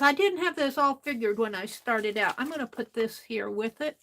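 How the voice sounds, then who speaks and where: A tired woman hosting a late-night crafting livestream, talking softly to herself as she works. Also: fairly high pitch, lively intonation, moderate pace. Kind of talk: casual talk while crafting live.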